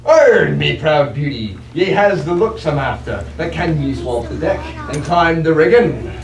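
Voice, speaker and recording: A man's voice: fairly high pitch, lively intonation, measured pace, creaky, slight background noise. Teen guy as a pushy pirate prince, swoopy up and down voice, kinda far off in a roomy hall. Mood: gruff. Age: teens. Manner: brusque pirate growl, bossy. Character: blustering young pirate prince. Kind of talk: puppet play.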